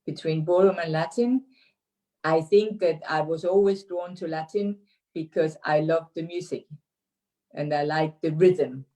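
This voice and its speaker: A low-pitched woman in her sixties speaks English with a Danish accent. She talks over a video call, pausing often, and she fills her answers with "uh" and restarts. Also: fairly even intonation, dark tone. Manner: hesitant, many fillers and restarts. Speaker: interview guest, dance teacher. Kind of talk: casual remote interview.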